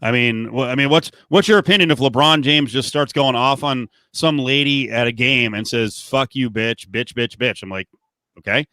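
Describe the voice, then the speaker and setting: A man's voice: mid-range voice, moderate pace, sharp tone, clear, resonant tone, no room sound. A man hosting a live podcast over a video call, talking animatedly with many fillers. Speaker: podcast host. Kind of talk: casual live podcast chat.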